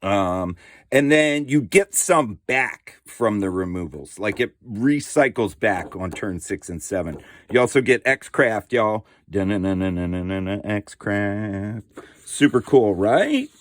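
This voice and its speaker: A man's voice: lowish voice, takes it slowly, dry recording, clean studio sound. A middle-aged man hosting a board game channel, talking casually and slangily with many fillers as he shows off a game. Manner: laid-back, slangy, lots of fillers and "dude". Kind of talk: casual unboxing show-and-tell.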